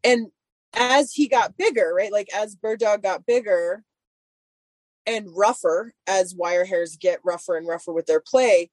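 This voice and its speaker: A woman's voice: medium pitch, a little slow, a little mellow, no room sound. A woman chatting casually and telling a long story about her dogs, full of "like" fillers. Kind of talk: casual chat.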